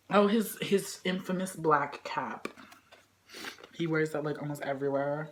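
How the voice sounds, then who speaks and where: A young woman vlogging at home, talking slowly with a lively, swooping voice. She gushes like an excited fan, jumping from squeals to hushed whispers. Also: deep voice, slight background noise. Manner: gushing, squealing fangirl, swings between shrieks and whispers. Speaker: vlogger unboxing a photobook. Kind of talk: excited casual unboxing vlog.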